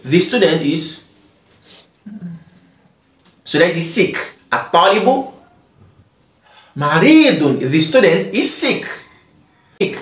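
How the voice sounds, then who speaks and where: Lively man teaching Arabic in an echoey room. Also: sits high. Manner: patient, repeats words slowly and often. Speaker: Arabic tutor. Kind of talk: recorded language lesson.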